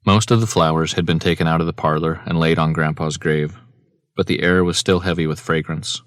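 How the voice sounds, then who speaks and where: A man narrating an audiobook in a measured, even reading voice on a close mic. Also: rumbling low, dry recording. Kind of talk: scripted narration.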